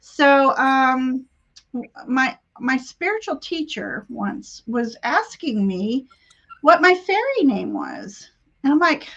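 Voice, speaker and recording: A woman's voice: high voice, wildly swooping pitch, slow, a bit bright, highs cut off. A woman hosting a live spiritual chat, telling a personal story in a rambling, emotional way with frequent laughs, heard over a video call. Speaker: tarot reader and channel host. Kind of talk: casual live-stream chat.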